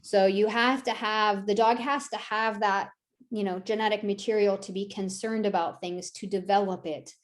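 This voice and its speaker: A woman leads a dog-training workshop at a mid-range pitch. She talks casually and keeps checking in with her listeners. Now and then she acts out the people and dogs she quotes. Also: steady tone, moderate pace. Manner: conversational, acts out quoted voices, frequent "right?" tags. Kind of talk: online workshop talk.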